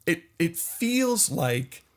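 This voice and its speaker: A man's voice: a little high, very slow. A man chatting as a podcast guest, telling stories with energy and slipping into comic voices. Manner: animated storyteller, slips into comic voices. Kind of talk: casual chat.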